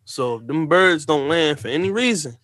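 A man's voice: fairly high pitch, moderate pace, no echo, clean studio sound. A man in casual profane chat, breaking down a movie scene by scene and acting out its lines. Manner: animated, acts out scenes, profane. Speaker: movie discussion co-host.

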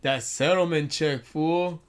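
A man's voice: fairly high pitch, fairly even intonation, slow pace, a crowd in the background. A young man co-hosting a podcast, joking around and swearing casually in slangy chat. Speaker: podcast co-host.

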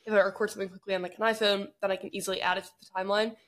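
A woman guest on a tech podcast chats in an upbeat, casual way. She often fills her speech with "like", and her pitch sits in the middle range. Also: little pitch movement, rapid-fire. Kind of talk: casual chat.

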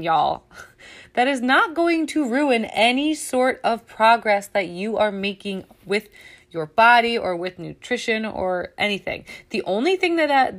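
Candid, chatty woman host. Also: on the high side. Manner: candid, chatty, swears freely, laughs often. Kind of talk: casual motivational chat.

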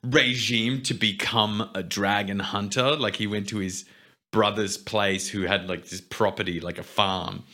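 A young man in casual podcast chat, telling stories in an animated way. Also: lowish voice. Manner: animated storyteller, quick and laughing. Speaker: podcast co-host.

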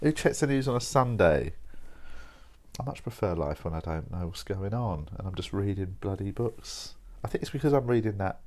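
A man's voice: lowish voice, animated, normal speed, a little mellow. A young man rambling casually over coffee, informal and sweary, dropping "mate" and "like" as he talks. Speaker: podcast host.

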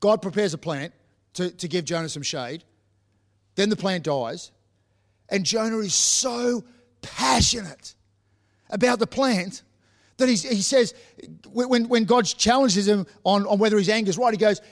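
High-voiced man preaching a sermon. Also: a little slow, pauses often. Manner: repeats words as he restarts; acts out voices of Bible figures. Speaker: pastor.

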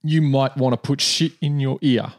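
A man's voice: medium pitch, normal speed. A man co-hosting a podcast in casual chat, easygoing and swearing casually, with the hiccups. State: has the hiccups. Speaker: podcast co-host.

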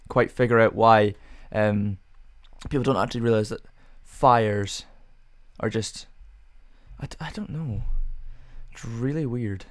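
A man's voice: fairly low pitch, dry recording, studio quality. A young man hosting a casual solo podcast, rambling through rhetorical questions with self-amused musing. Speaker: podcast host.

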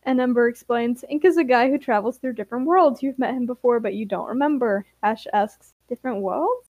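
A woman's voice: fairly high pitch, brisk, a little mellow, dry recording, muffled recording. A young woman co-hosting a podcast. She reads her old fan story aloud with commentary, giggles often, and jumps her voice up for the quoted characters. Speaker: podcast co-host.

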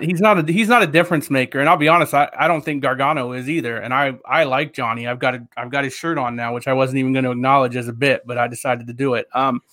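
A man's voice: medium pitch, bright, forceful tone, no echo, studio quality. A man co-hosting a podcast in casual chat, rambling and hedging with lots of fillers. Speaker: podcast co-host.

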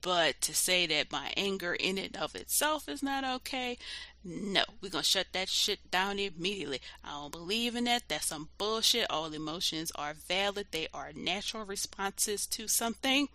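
In a solo podcast monologue, the host talks loosely and conversationally with filler, blunt and full of swearing, turning emphatic and heated to make a point. The voice is medium-pitched, animated, pushed and bright, at normal speed with no echo.

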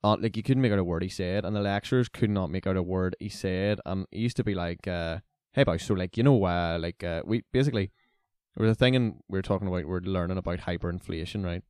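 A man's voice: low-pitched, quick pace, clean tone, dry recording, clean studio sound. A man in his twenties, a university student telling stories in casual chat and leaning heavily on "like" and "basically". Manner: animated storyteller, leans on "like" and "basically".

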